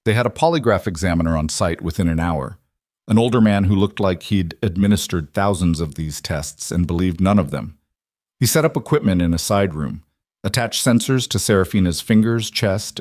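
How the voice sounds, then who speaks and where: A man reading a dramatic story as narrator in a measured, even way. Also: sits low, no echo, studio quality.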